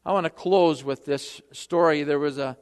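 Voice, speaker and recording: Brief: male preacher, high voice, impassioned sermon that swings loud to hushed, long church reverb. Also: moderate pace, clear, resonant tone.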